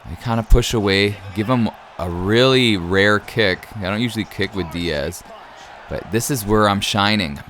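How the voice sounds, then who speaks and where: A man's voice: fairly low pitch, moderate pace, fairly bright tone, a little hiss or hum. Laid-back man giving fight game commentary. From Canada. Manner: laid-back, laughs often, says "man" a lot. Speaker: gaming YouTuber. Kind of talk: casual gameplay commentary.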